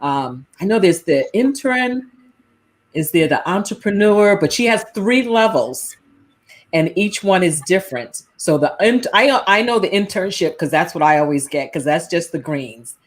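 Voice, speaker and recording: A woman hosting a casual live chat, rambling a little and pausing with frequent ums as she searches for names. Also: on the low side, lively intonation. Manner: rambling, hesitant with many ums. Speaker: host.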